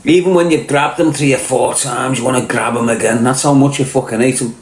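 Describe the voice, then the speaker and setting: A man's voice: mid-range voice, steady tone, brisk, roomy sound, poor audio. A middle-aged man with a Liverpool accent, ranting bluntly and swearing, firing rhetorical questions at his viewers. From Liverpool, England. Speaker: podcast host.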